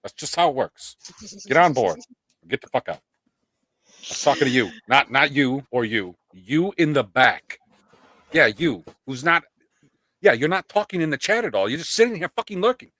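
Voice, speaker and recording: A man's voice: medium pitch, sing-song, normal speed, long pauses, pushed and bright, no echo, studio quality. A man hosting a casual live-stream chat, ranting in exasperation and swearing constantly. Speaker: podcast host.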